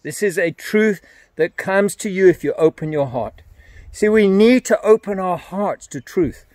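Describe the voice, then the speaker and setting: A man's voice: high voice, lively intonation, a little slow, a little mellow, dry recording. An older man giving an earnest, emphatic evangelistic message to camera, often repeating his phrases.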